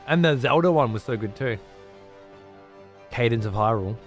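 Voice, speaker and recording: Man, streamer, casual chat, heavy profanity, blunt, rambling, medium pitch, faint background music. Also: expressive, moderate pace, pauses often.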